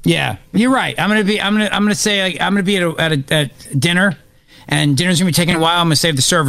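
A male radio host banters with his co-hosts in a loose, joking way and keeps acting out little voices. His voice sits a touch high, and the studio sound is close and dry. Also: quick pace, dry recording. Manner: animated, joking, acts out voices. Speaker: radio talk show host. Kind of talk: casual chat.

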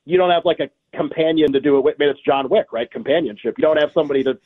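A man's voice: on the high side, racing. Rambling man on a tinny phone line. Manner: rambling, lots of fillers and restarts. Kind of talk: casual chat.

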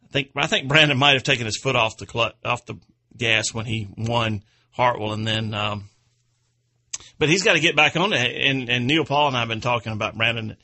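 A man's voice: medium pitch, brisk, sharp tone. A man hosting an outdoors radio show, chatting in a rambling, folksy way and chuckling at his own stories. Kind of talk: casual radio chat.

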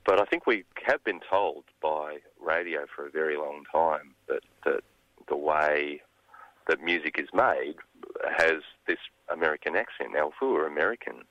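A very deep-voiced Australian man speaks as a songwriter guest in a radio interview. He talks in a thoughtful, halting way and often restarts his sentences. The sound is dull and dry, like a dead studio booth. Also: dry recording. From Gippsland, Australia.

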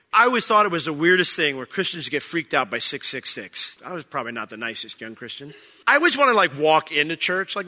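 A man preaching a sermon, conversational at times and rising to loud, emphatic bursts. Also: high voice. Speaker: pastor. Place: church sanctuary.

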